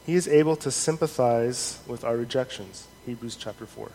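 A man preaching a sermon in an earnest, measured way, reading scripture aloud with rising emphasis. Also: medium pitch, dark tone. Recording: long hall reverb, faint noise.

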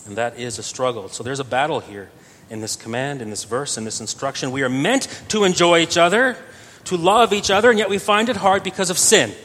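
A man preaching a sermon earnestly, his voice swelling louder on key phrases. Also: a little fast, few pauses. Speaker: pastor. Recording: reverberant church hall with faint rumble.

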